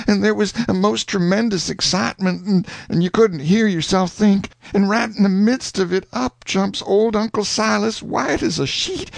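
A male narrator with a high, gravelly voice reads a first-person story in a folksy, lively way. The recording is dry and close, with no room sound. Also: moderate pace, dry recording. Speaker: audiobook narrator.

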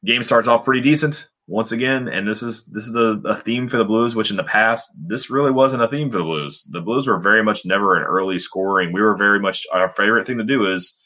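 A man's voice: on the low side, a little fast, hardly any pauses, pushed and bright, highs cut off. A man on a casual sports podcast, recapping a game in a rambling way with lots of fillers. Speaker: podcast co-host.

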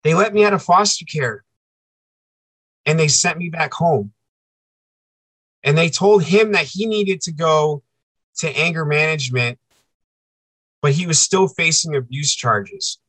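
A man telling a personal story as an interview guest, earnest and halting, often repeating himself for emphasis. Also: on the high side, a bit bright, no room sound, low-quality recording.

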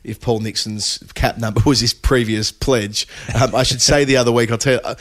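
A man's voice: medium pitch, steady tone, brisk, dry recording, clean studio sound. A man co-hosting a podcast, telling a rambling, self-amused story in casual chat. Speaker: podcast co-host.

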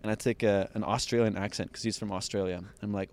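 A man with a fairly low voice talks fast as a guest on a podcast. He tells a long, animated story in a lively way, laughing often and acting out other people's lines.

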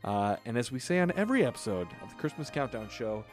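A man's voice: mid-range voice, very animated, fast, faint music behind. A man co-hosting a casual podcast, telling stories in a chatty way and laughing often. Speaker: podcast co-host. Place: California.

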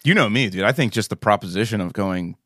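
A man's voice: on the low side, fast talker, a bit bright, husky, dry recording, clean studio sound. A man with a Philadelphia-area accent co-hosting a podcast, rambling and sarcastic in casual chat. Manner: rambling, sarcastic, trails off mid-sentence. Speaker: podcast co-host.

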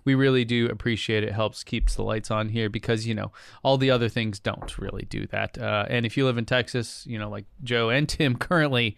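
A man's voice: medium pitch, steady tone, brisk, creaky, hardly any pauses, a bit bright, clear, resonant tone, dry recording, studio quality. A man co-hosting a podcast in casual, joking chat, laid-back and a little rambling. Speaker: podcast co-host.

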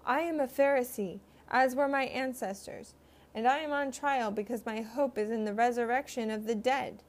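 A woman's voice: fairly high pitch, normal speed, lightly acted. A woman voicing a bold, outspoken male apostle defending himself, earnest and defiant.

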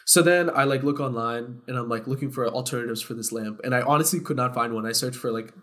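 A young man telling a story to friends on a casual podcast. He talks loosely and gets animated, loud and laughing as the story heats up. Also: medium pitch, quick pace. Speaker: podcast co-host.

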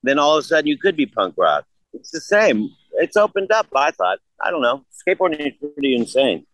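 A man's voice: fairly high pitch, sing-song, fairly quick, a bit bright, no room sound, low-quality recording. An older man in a casual interview, blunt and profane, rambling through stories. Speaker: guest.

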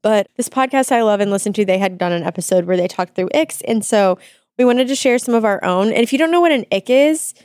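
A woman's voice: medium pitch, expressive, a little mellow, clean tone, no echo. Chatty woman podcast co-host, dry mic. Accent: Missouri. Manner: chatty, laughing, quick to tease. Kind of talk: casual chat.

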